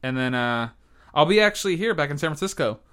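A man's voice: fairly high pitch, expressive, fast, a bit bright, clear, resonant tone. A young man, a comedian guesting on a podcast, speaking in casual chat and often stumbling and restarting his words. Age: young adult. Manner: hesitant, repeats and restarts words.

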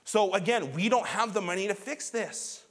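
High-voiced man preaching a lively sermon. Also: moderate pace. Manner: storytelling, conversational, swings between loud and hushed. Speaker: pastor.

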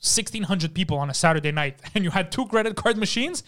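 A man telling a story in casual chat in a podcast studio, animated and profane, acting out the people in it. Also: high-pitched, quick pace. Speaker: podcast guest.

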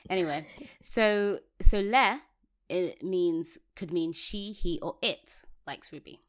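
A woman's voice: fairly low pitch, slow pace. A woman co-hosting a casual technical podcast, reading code aloud step by step and laughing easily. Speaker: podcast co-host.

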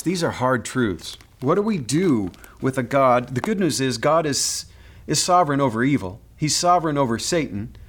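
A man preaching a sermon as pastor, earnest and pastoral, sometimes repeating a word as he builds a point. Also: mid-range voice.

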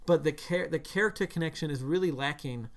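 A man co-hosting a podcast, talking casually about a film in long, animated runs full of "like.". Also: a little high, fairly quick. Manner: animated, slips into mock voices to quote characters; talks in long runs with many "like" fillers. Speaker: podcast co-host.

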